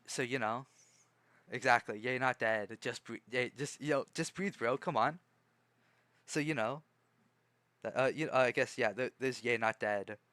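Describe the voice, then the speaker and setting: A young man with a bright, forceful voice talks on a livestream in a loose, rambling way, restarting his sentences often. He keeps a calm, measured tone. The sound is dry and close, with no room around it. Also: mid-range voice, no echo. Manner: rambling, hesitant, many restarts and fillers. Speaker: streamer. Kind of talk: casual livestream chat.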